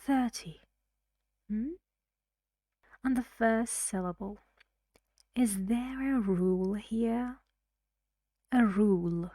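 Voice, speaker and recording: A woman's voice: medium pitch, slow, pauses often, dark tone, no echo, studio quality. A woman who is a native Persian speaker, teaching English pronunciation in a recorded lesson, explaining carefully and often asking the learner questions.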